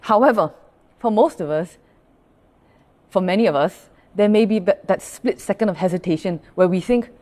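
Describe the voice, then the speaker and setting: A woman's voice: mid-range voice, moderate pace, dark tone. A woman pastor answering viewers' questions in a livestreamed Buddhist talk, speaking conversationally, often asking "all right?" and drawing on everyday examples. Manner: greets online viewers by name mid-talk; explains through everyday personal examples.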